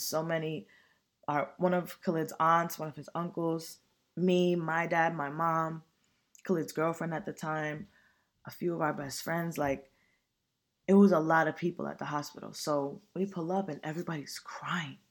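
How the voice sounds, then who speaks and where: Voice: medium pitch, level tone, unhurried. Young adult telling a heavy personal story. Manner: casual, slang-heavy and profane, earnest.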